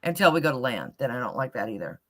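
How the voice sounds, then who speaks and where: An older woman chatting casually, telling animated stories and acting out her own reactions with lots of exclamations. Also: very deep voice, fast, a little hiss or hum. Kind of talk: casual chat.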